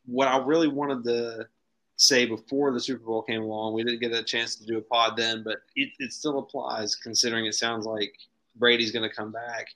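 A man's voice: medium pitch, level tone, moderate pace, sharp tone, low-quality recording. A man co-hosting a sports podcast, chatting casually in an easygoing, joking way. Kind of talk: casual chat.

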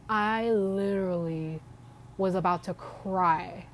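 Young woman, casual faith vlogger, mid-pitched and chatty, faint outdoor hiss behind her. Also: a little fast. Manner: chatty, frequent "like" fillers, laughs between thoughts.

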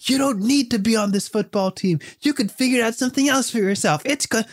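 A man's voice: very high voice, lively intonation, measured pace, a bit bright, no echo, voice pushed up, heavily acted. A man voicing a kind, devoted male genie who encourages and consoles a boy. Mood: consoling. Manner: earnest, encouraging.

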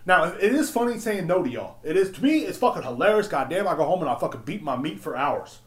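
A man hosting a podcast, telling work stories in a blunt, profane, animated rant. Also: a little high, fast talker. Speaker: podcast host. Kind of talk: casual storytelling rant. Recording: roomy echo.

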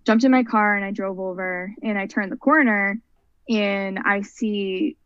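A woman's voice: medium pitch, unhurried, fairly bright tone, no echo. A young adult woman, a podcast interview guest, recounting a personal story in an earnest, rambling way. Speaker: guest, mental health advocate. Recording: dull lo-fi, dry sound.

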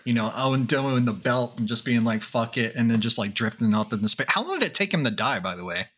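Man, podcast host, bright and forceful voice, crude and jokey, lots of laughter. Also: mid-range voice, expressive, fast talker, breathy edge. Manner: swearing, joking, laughs a lot. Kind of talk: casual chat.

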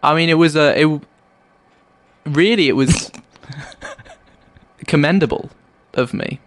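A man co-hosting a comedic podcast, musing in a hesitant, deadpan way. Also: on the high side, takes it slowly, dry recording. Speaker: podcast co-host. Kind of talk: casual comedic podcast chat.

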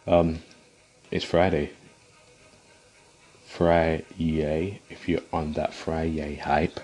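Very deep-voiced hyped man vlogging. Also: little pitch movement, drawn-out words, a little mellow, slightly rough. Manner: hyped, upbeat greeting. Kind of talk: casual vlog intro.

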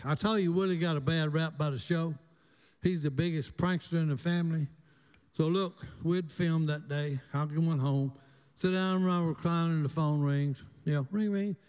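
An older man spins folksy tales in a high, animated voice. He drawls and acts out each character. His voice rings in a long reverberant hall. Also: moderate pace, clear, resonant tone. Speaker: storyteller guest. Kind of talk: folksy storytelling.

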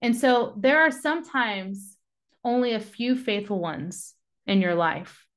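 This devotional podcaster has a medium-pitched voice and takes her time. She reads Bible passages before encouraging her audience with ever-increasing fervor.

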